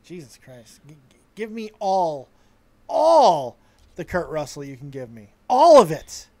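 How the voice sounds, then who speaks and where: A man hosting a live stream show, excitable and profane, taking calls. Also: sits high, a little slow, creaky. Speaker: host.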